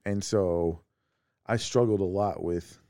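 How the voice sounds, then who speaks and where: Male podcast co-host, lowish voice, dry close sound, casual and animated storyteller who laughs a lot. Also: slow pace, no echo. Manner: animated, laughs often, acts out quoted voices. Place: at home.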